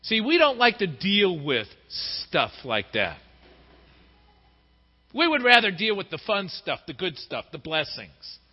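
A man's voice: high voice, unhurried. A middle-aged male pastor giving a sermon in a church and acting out the voices of people he quotes. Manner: lively, acts out quoted voices. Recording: dull recording in a reverberant hall.

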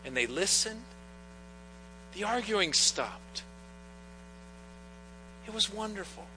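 This middle-aged man's sermon is slow yet animated, his voice sitting high with a sharp tone. As a pastor in a church sanctuary, he tells personal stories earnestly, over long reverb and a faint mains hum.

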